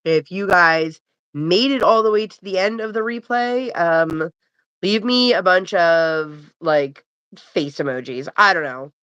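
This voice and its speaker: A woman's voice: lowish voice, unhurried, a bit bright, smooth, no room sound. A middle-aged woman hosting a casual live stream from home, rambling and sleepy, yawning between chatty remarks. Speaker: livestream host. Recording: dull, dry home mic.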